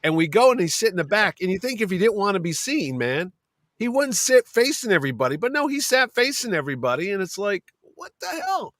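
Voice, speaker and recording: A man, a convention owner telling lively, swearing stories in casual podcast chat. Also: high-pitched, quick pace, no room sound, clean studio sound. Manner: animated storyteller, acts out quotes, swears.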